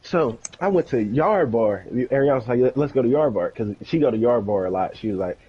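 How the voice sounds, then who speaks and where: Animated young man telling a profane story. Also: medium pitch, moderate pace, lo-fi sound, a little hiss or hum. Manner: animated, profane, acts out quoted dialogue. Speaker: streamer. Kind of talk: casual storytelling on a game stream.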